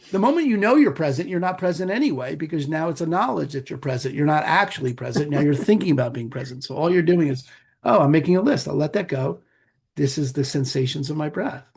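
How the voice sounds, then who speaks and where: A middle-aged man, a meditation teacher and podcast guest, explaining in a relaxed conversational way with playful asides. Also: on the high side. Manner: gravelly, husky, animated with playful asides.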